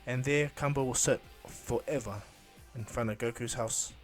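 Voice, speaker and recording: A male storyteller rambling through an improvised fan retelling, pausing on fillers and restarting. His voice sits at a middling pitch, with faint music under it. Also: steady tone.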